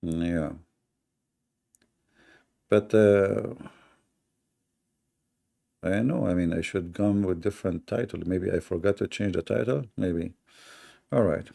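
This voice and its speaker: A man's voice: low-pitched, takes it slowly, creaky, pauses often, mellow. A man hosting a debate livestream, talking sarcastically and mockingly to his chat.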